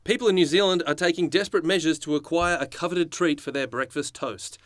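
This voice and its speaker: A man's voice: a little high, quick pace, a bit bright, dry recording, clean studio sound. A man co-hosting a comedy podcast, reading a news story aloud and joking with laughs along the way. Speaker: podcast co-host.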